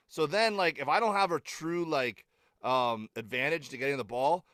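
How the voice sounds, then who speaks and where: Fairly high-pitched and recorded without echo, this middle-aged man is a comedian guesting on a relaxed podcast. He tells animated, filler-heavy stories and performs the quoted lines.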